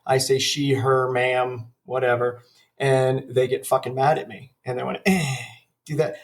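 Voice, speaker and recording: A man's voice: medium pitch, monotone, normal speed. A man in his forties, a podcast co-host, talking in a profane, ranting casual chat. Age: 40s.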